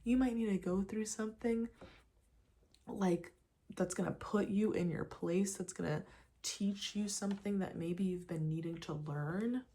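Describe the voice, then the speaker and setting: A young woman chatting casually while doing her makeup, talking fast and loose with lots of "like", sometimes dropping to a whisper. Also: mid-range voice, a little hiss or hum. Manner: chatty and animated, full of "like" and "you guys", drops to whispers. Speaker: lifestyle vlogger. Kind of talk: casual get-ready-with-me chat. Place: her apartment.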